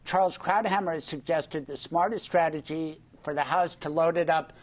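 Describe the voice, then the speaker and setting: A man who hosts a radio show, giving measured, analytical political commentary on a panel. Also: on the high side.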